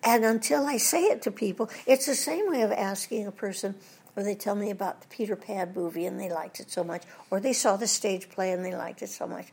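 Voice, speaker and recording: A slightly rough, creaky, darkish mid-range voice belongs to an older voice actress who talks a little fast. As an interview guest she tells anecdotes and imitates British voices as jokes.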